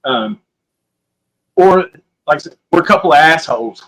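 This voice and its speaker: A man with an Oklahoman drawl tells a story in a loose, folksy way, circling back and restarting his sentences as he goes. His voice sits a little on the high side for a man. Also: lively intonation, moderate pace, a bit bright, rough recording. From Southwest Oklahoma. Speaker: podcast guest. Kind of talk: casual storytelling.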